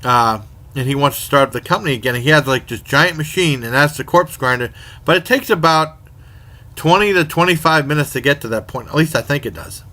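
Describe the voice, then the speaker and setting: A man reviews horror films in an easygoing, rambling way, stumbling over his words and filling pauses with fillers. His voice sits a little high and has a bright, forward edge. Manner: rambling, self-correcting, many fillers. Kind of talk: casual spoken movie review.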